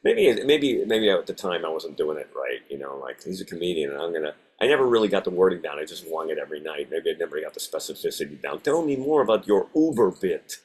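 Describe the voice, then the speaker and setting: A male comedian co-hosting a podcast, talking shop in a casual, halting way and acting out bits in character voices. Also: very deep voice, lively intonation, breathy edge.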